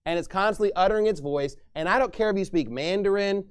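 A male pastor preaching a sermon, emphatic and forceful, with mocking asides and scripture read aloud. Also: high-pitched, fast, clean tone.

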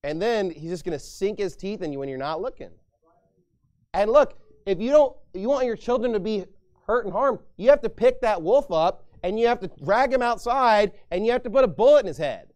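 High-voiced man preaching emphatically. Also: expressive, fairly quick, darkish tone. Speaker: pastor. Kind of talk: sermon.

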